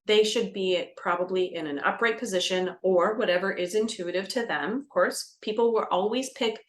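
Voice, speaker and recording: A woman doula explaining birth practice to camera, lively and expressive, acting out scenes and dropping into a soft calm voice. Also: medium pitch, normal speed. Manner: animated, acts out scenes with gasps and shifts to a soft calming voice. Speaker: doula educator. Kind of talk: educational talk to camera.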